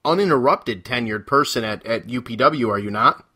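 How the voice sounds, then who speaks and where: A man's voice: mid-range voice, normal speed, sharp tone, slightly rough. A man hosting a casual interview, friendly and encouraging, with frequent affirmations. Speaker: podcast host.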